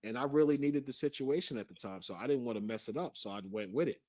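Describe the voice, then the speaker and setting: A man's voice: medium pitch, quick pace, a little mellow, no room sound, clean studio sound. A man as an interview guest, recounting a personal story in an earnest way.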